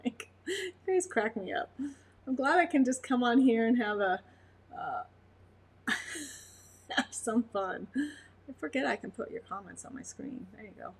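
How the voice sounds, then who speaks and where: Dog breeder, woman, Montana accent, higher register, chatty livestream host who laughs a lot. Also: animated, unhurried, long pauses, husky. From Montana, USA. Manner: chatty, laughs often, talks to viewers' comments. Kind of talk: casual livestream chat.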